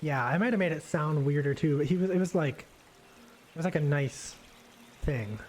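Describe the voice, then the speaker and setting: A man's voice: fairly high pitch, normal speed, slight background noise. Laid-back man rambling through a painting demo. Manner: relaxed, rambling, many fillers and restarts. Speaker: art instructor painting live. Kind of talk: casual live painting demonstration. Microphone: desk microphone on a livestream.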